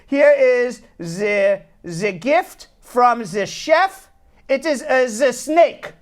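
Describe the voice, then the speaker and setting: A man imitating a male waiter who speaks halting, formal broken English. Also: very high-pitched, animated, pitched above the performer's own voice, exaggerated voice. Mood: matter-of-fact.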